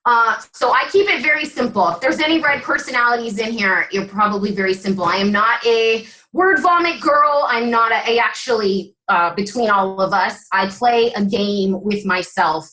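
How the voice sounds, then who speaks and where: Fired-up high-voiced woman coaching sales. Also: normal speed, few pauses, sharp tone, poor audio. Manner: fired-up, emphatic, blunt. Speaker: guest speaker on a sales coaching call. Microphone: video call.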